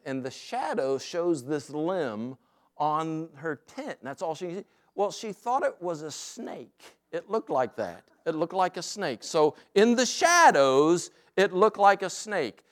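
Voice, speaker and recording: A man preaching a sermon, telling stories in a relaxed way and dropping to soft, deliberate emphasis. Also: on the high side. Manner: relaxed storytelling that drops to soft, slow emphasis. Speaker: pastor. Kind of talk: sermon with personal anecdote.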